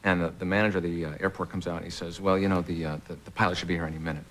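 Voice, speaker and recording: A man, a guest comedian on a television talk show, telling a rambling anecdote with many pauses and uhs. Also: low voice, level tone, fairly bright tone. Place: television studio with audience.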